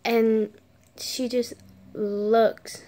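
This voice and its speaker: A woman's voice: a little high, flat delivery, extremely slow, dark tone. A woman vlogger telling a story in a casual way, dropping to a whisper at the tense parts. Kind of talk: story time.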